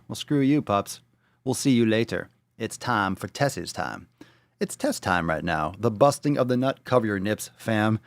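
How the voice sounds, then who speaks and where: A man's voice: mid-range voice, clean tone, dry recording. A man hosting a livestream podcast, crude, hyped and joking, on a studio microphone. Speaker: podcast host.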